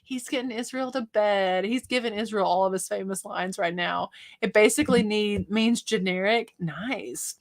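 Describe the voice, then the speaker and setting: A woman's voice: mid-range voice, normal speed. A woman hosting a casual livestream, chatting with viewers, laughing often and reading out their comments. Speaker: livestream host.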